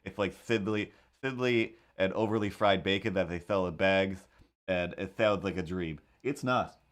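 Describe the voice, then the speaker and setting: A man's voice: low-pitched, fairly even intonation, normal speed. A man chatting casually while he draws, rambling in a wry, incredulous way. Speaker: cartoonist streamer. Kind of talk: casual chat while drawing.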